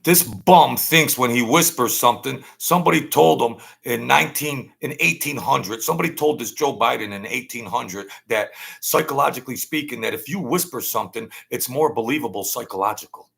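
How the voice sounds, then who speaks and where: Gravelly guy ranting on his livestream, blunt slangy talk, stutters a lot, mid pitch. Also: fairly quick, hardly any pauses, fairly bright tone. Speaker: livestream host. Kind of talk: casual livestream rant.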